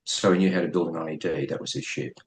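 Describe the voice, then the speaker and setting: A middle-aged man with an Australian accent, telling a story as a podcast guest in a blunt, profane and lively way. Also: low-pitched, fast, slight background noise, rough recording. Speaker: guest, former police officer.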